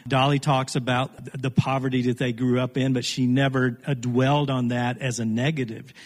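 Man from appalachia on a radio interview, earnest and reflective, mid pitch, lots of reverb trailing off. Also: little pitch movement, normal speed. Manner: reflective, earnest, occasional restarts. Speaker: Appalachian studies scholar.

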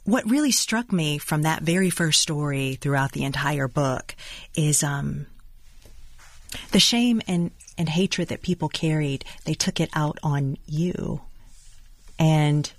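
An interviewer asking questions in calm, deliberate phrasing. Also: medium pitch, no echo.

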